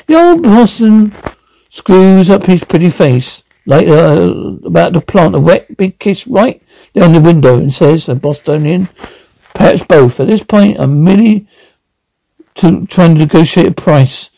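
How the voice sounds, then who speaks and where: A man reading out an audio drama, speaking every part and reading the sound cues flatly. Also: fairly high pitch, measured pace, gravelly, dry recording, low-quality recording.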